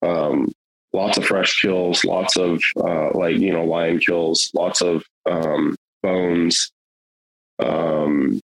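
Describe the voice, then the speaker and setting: A man's voice: deep voice, little pitch movement, very slow, creaky, low-quality recording. A middle-aged man telling a hunting story in casual, rambling, earnest talk, with many fillers and restarts.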